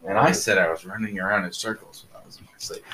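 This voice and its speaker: A young man co-hosting a casual podcast, teasing his friends and mumbling low asides. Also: fairly even intonation, fast, a crowd in the background, poor audio. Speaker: podcast co-host. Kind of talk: casual chat.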